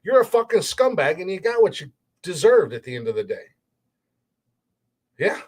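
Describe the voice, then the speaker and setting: A man's voice: high-pitched, big pitch swings, moderate pace, darkish tone. A man hosting a solo podcast, ranting bluntly and profanely in a heated, restarting way. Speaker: podcast host. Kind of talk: opinionated solo podcast rant.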